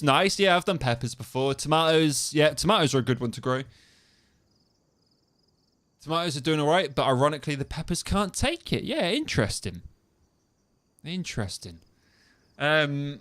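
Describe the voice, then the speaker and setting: A man's voice: on the high side, a bit bright. A young man streaming a game, chatting casually, swearing freely and laughing often. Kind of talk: casual gaming stream chat.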